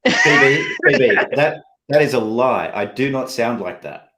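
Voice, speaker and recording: A man's voice: mid-range voice, huge pitch swings, unhurried, sharp tone. A man on an online panel, joking in a playfully indignant way. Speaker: panel guest. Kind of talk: casual panel chat.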